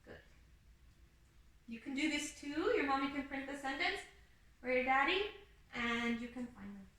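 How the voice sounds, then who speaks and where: A woman's voice: sits high, normal speed, bright, forceful tone. A young woman teaching a kindergarten video lesson, patient and sing-song, drilling words one at a time for small children. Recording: echoey room, mic at a distance.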